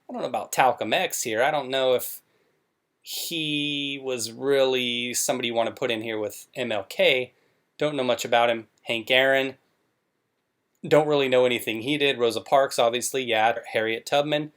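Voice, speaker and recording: A man's voice: medium pitch, moderate pace, a bit bright. Sarcastic man hosting a commentary show. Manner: sarcastic, mocking, scornful.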